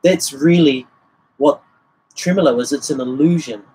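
A man's voice: on the high side, moderate pace, mellow, a little hiss or hum, poor audio. A man giving a casual livestream guitar lesson, explaining the technique and singing rhythms as syllables. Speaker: guitar teacher. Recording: guitar playing behind the voice.

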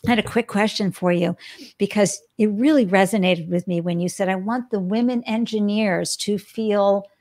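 Woman podcast host, chatty, talks to the audience, gravelly fry in her voice. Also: mid-range voice, moderate pace, a little mellow. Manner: chatty, addresses listeners directly. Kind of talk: casual interview. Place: Boston.

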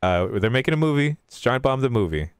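Easygoing male host, smooth and dry. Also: mid-range voice, very animated, fast, no echo. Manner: easygoing, steering the chat with questions. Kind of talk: casual hosting banter.

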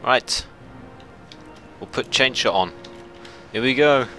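A man giving chatty, self-mocking let's play commentary, shouting orders at his ships when excited. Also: medium pitch, slow, faint music behind. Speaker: gameplay commentator.

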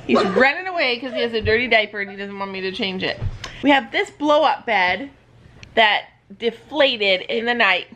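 An older woman with a fairly high voice that swings up and down a lot as she talks. She chats casually to the camera and playfully coaxes her grandkids. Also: expressive, moderate pace, a bit bright. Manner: chatty and playful, coaxing the grandchildren. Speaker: grandmother and family vlogger. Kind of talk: casual family vlog chat. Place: living room, lying on a bed.

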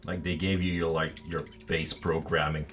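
A man's voice: a bass voice, flat delivery, moderate pace, a bit bright. A man chatting casually with his viewers during a painting stream, making dry sarcastic jokes. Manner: joking, dry sarcastic asides.

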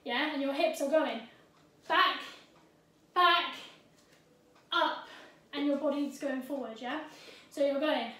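Woman, high voice, dance teacher, out of breath, scats the beat, echoey room, far from the mic. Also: fairly even intonation, moderate pace. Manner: scats the rhythm with syllables, frequent "yeah?" checks. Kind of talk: dance tutorial with counting and rhythm vocalizing.

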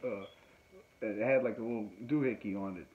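A man's voice: lowish voice, brisk. A man, a musician, chatting casually and rambling with many fillers and laughs, recorded at home. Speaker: musician and podcast host. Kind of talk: casual chat. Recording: dull lo-fi sound with faint noise.

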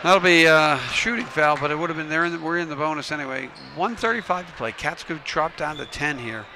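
A man with a gravelly voice does play-by-play for a local high school basketball game, making rapid calls and adding coaching asides. The gym is noisy, with the crowd and ball bounces audible in the background.

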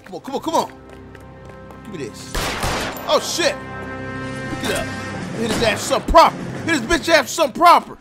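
A man giving loud, joking, profane commentary while playing a video game, trash-talking its characters. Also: very high-pitched, lively intonation, fairly quick, long pauses. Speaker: gaming YouTuber. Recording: game audio playing underneath. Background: game music and sound.

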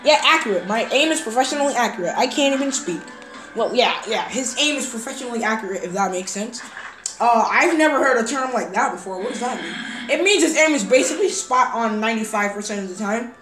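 Roomy, lively voice over game music. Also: female voice, fairly high pitch, fast talker. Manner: hesitant, full of fillers, bursts into excited shouts. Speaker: voices all characters in a game role-play. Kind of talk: voicing a block-game story.

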